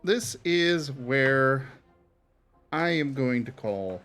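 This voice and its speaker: Slow, easygoing male guest. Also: mid-range voice, animated, a bit bright, soft background music. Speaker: guest streamer. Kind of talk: casual stream chat.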